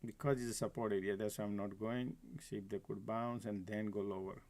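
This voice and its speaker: A man's voice: on the low side, fairly even intonation, brisk, a little mellow. A man hosting a live stock trading stream, chatting casually to viewers as folks and laughing often. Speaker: stock trading livestream host. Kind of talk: live market commentary. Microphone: desk mic, at times sitting far from it.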